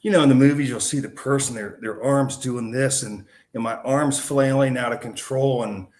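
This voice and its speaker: A man's voice: mid-range voice, fairly even intonation, moderate pace, a little mellow. A man, a podcast guest, recounting a personal story in a casual, slangy way. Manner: casual and slangy, calling the host man and dude.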